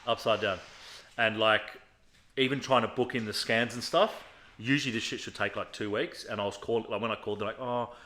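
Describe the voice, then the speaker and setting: A man's voice: on the low side, fairly even intonation, pushed and bright. A young man, a podcast guest telling a personal story in casual, profane chat. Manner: swears freely, fast storytelling with acted quotes.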